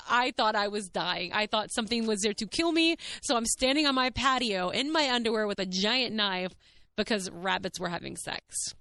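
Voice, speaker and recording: On her own podcast, a woman tells a rambling story in a chatty, animated monologue. Her voice is medium-pitched, clear and resonant at a moderate pace, captured in a dry, clean studio recording.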